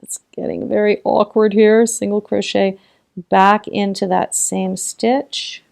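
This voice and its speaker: A woman with a mid-pitched voice and a gravelly edge leads a relaxed crochet lesson. She chats through each step and counts stitches out loud. She keeps reassuring the viewer with an easy, friendly tone. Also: slow. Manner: chatty and encouraging, counting stitches aloud, laughs often. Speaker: crochet tutorial host. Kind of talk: casual step-by-step crochet demonstration.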